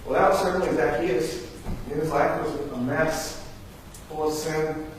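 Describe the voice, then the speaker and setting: A pastor with a fairly high voice preaches a little slowly, acting out the people in his stories as he tells them with animation. He's heard from far off in a very echoey church sanctuary, over slight background noise.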